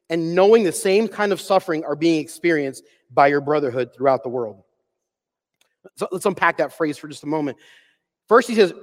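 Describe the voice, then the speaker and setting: A high-pitched male pastor preaching a sermon, his voice ringing out with a long reverb tail like a big church hall. He drives key phrases hard, then drops to a near-whisper to land a point. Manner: dramatic swings from loud emphasis to hushed near-whispers.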